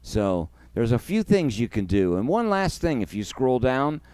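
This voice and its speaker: Smooth-voiced emotional man hosting a livestream. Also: mid-range voice, very animated, moderate pace, no echo. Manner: emotional, effusive, thanks viewers warmly by name. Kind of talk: casual livestream chat.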